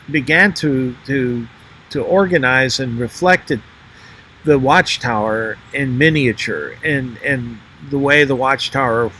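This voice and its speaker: An older man talking through old photographs and his memories, pausing often, with many fillers and restarts. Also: medium pitch, sharp tone, a little hiss or hum, low-quality recording. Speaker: former member narrating a history video. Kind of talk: unscripted spoken commentary over photos.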